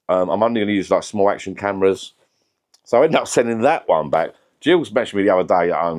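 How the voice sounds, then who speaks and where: A middle-aged man with a deep voice, chatting casually and rambling to camera in his home vlog. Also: quick pace, darkish tone. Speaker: vlogger.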